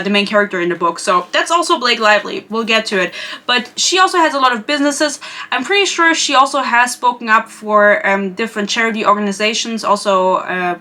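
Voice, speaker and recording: A woman's voice: mid-range voice, sharp tone. A young woman from Europe hosting a podcast, chatting in a gossipy, rambling way full of asides. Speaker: podcast host. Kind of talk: casual chat.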